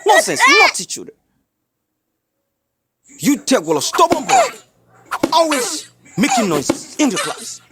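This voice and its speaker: An actor playing an angry, strict schoolteacher who yells orders at noisy pupils in a comedy skit, on a noisy played-back clip. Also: high-pitched, huge pitch swings, a little slow, long pauses, full character voice. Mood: yelling. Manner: yelling, barking orders.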